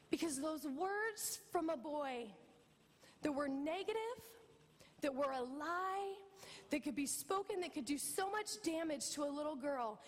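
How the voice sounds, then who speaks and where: A middle-aged woman pastor preaching a sermon, telling a family story with lively, animated delivery. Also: sits high, normal speed, big-room sound. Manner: storytelling, animated, acts out quoted voices. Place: church.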